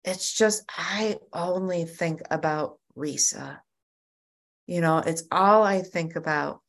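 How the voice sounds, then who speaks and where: A woman speaks slowly with a lowish voice and vocal fry, offering her personal testimony at a recovery group meeting over video call. She tells the story animatedly, often breaking off to restart.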